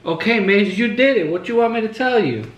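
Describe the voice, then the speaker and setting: A man with a high-pitched, expressive voice talks fairly quickly while eating at home, hosting a relaxed chat. He spins rambling stories full of fillers, recorded in an echoey living room with faint music behind him.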